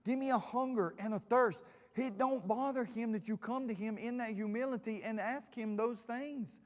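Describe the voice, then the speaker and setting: A man teaching a Bible study as pastor, telling the story with lively acted-out voices. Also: very high-pitched, moderate pace. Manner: animated storytelling, acts out characters. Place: church sanctuary. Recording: long church hall reverb.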